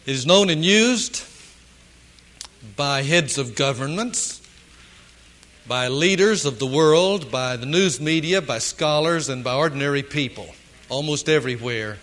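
A man delivers a sermon from the pulpit in a slightly raised pitch. He speaks slowly and deliberately, leaning on key words with long dramatic pauses. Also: animated, a bit bright. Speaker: preacher.

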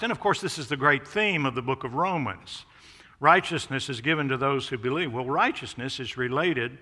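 A man preaching a sermon as pastor of a church, emphatic, swelling loud on key phrases and dropping low on others. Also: long reverb tail. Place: church sanctuary.

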